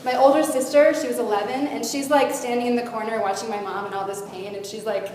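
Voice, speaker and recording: Her voice fairly high and her delivery fast, a guest speaker recounts her faith journey to a youth audience with animated storytelling and lively swings in volume. Faint noise sits in the echo of the hall.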